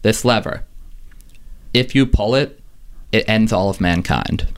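A man telling a story as a calm persuasive snake, deep voice, smooth and reassuring. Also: measured pace, natural voice. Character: talking desert guardian snake, calm, persuasive.

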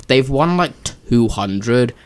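A man's voice: mid-range voice, expressive, slow, clear, resonant tone. A young man co-hosts a college radio show with a plain mid-range voice. He talks casually and rambles with lots of fillers, sounding exasperated. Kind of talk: casual chat.

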